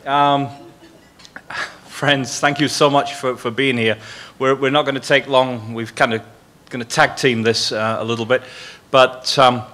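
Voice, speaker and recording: An older man with a Yorkshire accent giving halting welcoming remarks at an event, often repeating words. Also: medium pitch, fairly even intonation, pushed and bright. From Yorkshire, England. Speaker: guest speaker.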